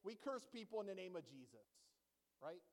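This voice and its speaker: A male pastor preaching a sermon to a congregation in a church, animated and joking, often checking in with the audience. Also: sits high, moderate pace, long reverb tail.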